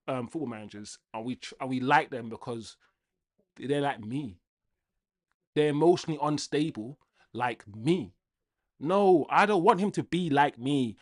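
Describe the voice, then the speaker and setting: A young man hosting a live football watchalong, ranting casually to his chat and swinging between loud outbursts and low muttering. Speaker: livestream football watchalong host.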